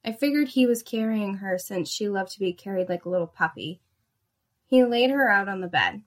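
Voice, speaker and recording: Young woman reading a spicy story, dry fed-up tone, mid pitch. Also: lively intonation, moderate pace.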